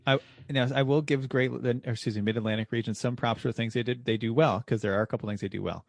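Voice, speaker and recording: A man co-hosting a racing podcast, telling stories casually and getting animated when he quotes people. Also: medium pitch, fast, vocal fry, dry recording. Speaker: podcast co-host and driving instructor. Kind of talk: casual chat.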